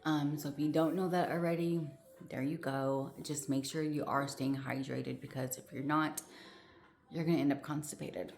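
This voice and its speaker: A woman's voice: low-pitched, fairly even intonation, normal speed, gravelly, darkish tone, slight background noise. A woman chatting casually to her viewers, rambling with lots of fillers and restarts, sounding short of breath. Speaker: vlogger. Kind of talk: casual chat to camera.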